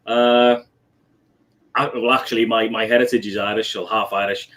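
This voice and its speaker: A man's voice: fairly low pitch, level tone, moderate pace, fairly bright tone, rough recording. A man from Liverpool with a Scouse accent, hosting a casual livestream chat in a friendly, chatty way. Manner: chatty, friendly, calls people mate. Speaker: channel host on livestream.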